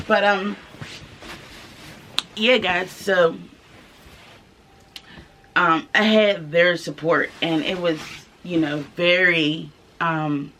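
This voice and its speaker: A young woman telling her own story to the camera in a casual vlog, candid and soft-spoken, pausing often with fillers. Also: fairly low pitch. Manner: candid, halting, many fillers. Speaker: vlogger. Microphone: camera mic, filming herself.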